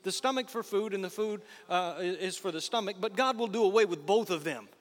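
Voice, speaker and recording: Preaching in the church sanctuary, a man with a high-pitched voice moves at a fairly quick pace through animated stories, breaking off to talk directly to the congregation. His words ring out with a long reverb tail.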